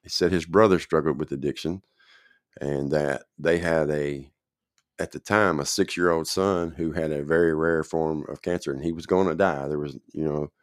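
A man's voice: rumbling low, no echo, clean studio sound. A man telling his own recovery story in a casual, rambling way, often checking in with the listener.

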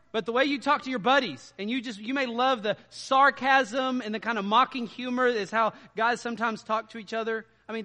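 Male pastor, high and forceful tone, conversational sermon delivery, reverberant church hall. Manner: conversational, swings between quiet asides and loud emphatic stretches.

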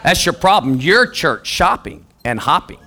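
A male pastor preaching a sermon in church, energetic and joking, calling for answers from the congregation. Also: on the high side, unhurried. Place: church sanctuary.

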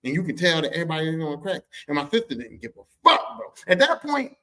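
A man hosting a podcast, telling a comic personal story in an animated, profane way. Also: fairly high pitch, fast, slight background noise. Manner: animated, profane, shifts into character voices. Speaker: podcast host.

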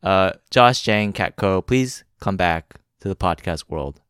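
A young man from the United States hosts a casual podcast, trading jokes with his co-hosts and laughing easily. His pitch swings widely as he talks, and his voice comes across smooth and resonant in a dry, close setting. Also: measured pace, no room sound. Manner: playful, laughs often, animated delivery. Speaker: podcast host.

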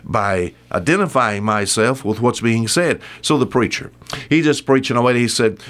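A man's voice: on the low side, animated, unhurried, fairly bright tone. An older man preaching a sermon in a folksy, repetitive way, rising to emphatic bursts on key words.

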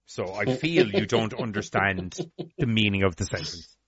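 A man's voice: on the low side, normal speed, breathy edge, no echo. A man co-hosting a podcast in casual chat, swearing and riffing animatedly. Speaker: podcast co-host. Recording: lo-fi dry recording.

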